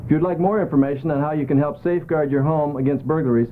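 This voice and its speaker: A man's voice: fairly high pitch, fast. A man reads a scripted public service announcement in a formal, earnest way. The sound is thin and tinny, with a faint hiss underneath. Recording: tinny lo-fi videotape audio.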